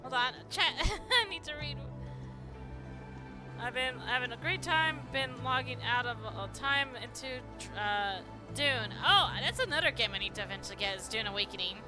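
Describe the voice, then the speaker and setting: A woman's voice: fairly high pitch, animated, moderate pace. A woman streaming a game live, chatting with viewers and thanking them, stumbling as she reads aloud. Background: game music.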